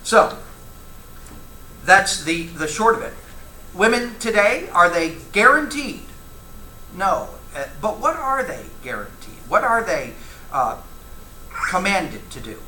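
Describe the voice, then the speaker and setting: Male Bible class teacher, animated and bright, quizzing the class in an echoey church room. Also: high-pitched, takes it slowly, long pauses, a little hiss or hum. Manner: conversational, asks the class questions, reads scripture aloud. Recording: echoey room, faint ambience.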